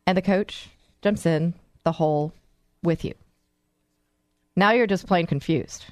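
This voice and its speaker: A woman's voice: lowish voice, expressive, moderate pace, long pauses, darkish tone, dry recording, clean studio sound. A woman hosting a radio talk show, speaking in an earnest, encouraging way and telling stories to her listeners.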